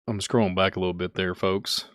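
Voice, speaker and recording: A Kentucky man with a Kentucky accent hosts a livestream podcast, casually rambling and repeating himself as he reads the chat aloud. His voice sits low and a bit bright, with a level tone and fairly quick pace, recorded without echo.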